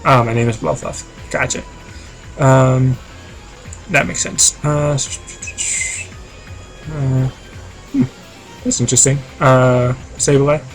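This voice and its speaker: A man's voice: medium pitch, takes it slowly, pauses often, faint music behind. A man chatting casually on a live game stream, reading chat aloud and rambling with lots of fillers.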